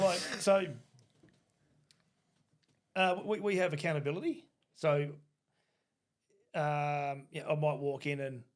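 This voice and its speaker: A middle-aged Australian man co-hosting a podcast, telling stories bluntly and casually, with the odd swear word. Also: medium pitch. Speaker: podcast co-host. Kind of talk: casual chat.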